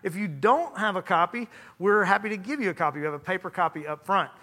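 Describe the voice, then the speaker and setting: Pastor guy preaching, kinda hoarse, high bright voice, chatty and jokey. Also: fast talker. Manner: warm, conversational, self-deprecating humor. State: hoarse from singing. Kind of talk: sermon. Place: church sanctuary.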